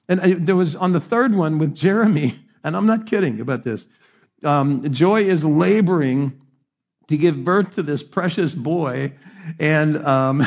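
Animated middle-aged male pastor preaching. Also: fairly high pitch, a little slow. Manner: humorous, self-deprecating storytelling; swings between hushed and animated. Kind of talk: sermon.

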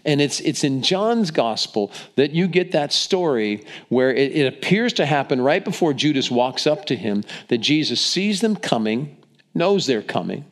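Preaching in a slightly high, animated voice at normal speed, this man dramatizes scripture, giving quoted lines acted voices. His storytelling is vivid but marked by frequent restarts and repeated words.

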